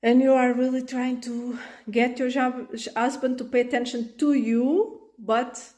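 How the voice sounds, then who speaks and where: A woman vlogging about parenting, telling an everyday story in an animated way and acting out the scenes. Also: on the high side, a little slow. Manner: animated, acts out the scenes in voices. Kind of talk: casual storytelling monologue.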